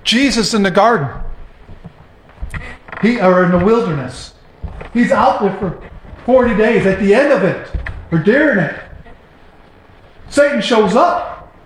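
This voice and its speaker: A male pastor preaching a sermon emphatically, repeating his points and building to loud bursts. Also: high-pitched, animated, unhurried, pauses often, heavy reverb, a little hiss or hum, poor audio. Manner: emphatic, repetitive preaching with rising outbursts.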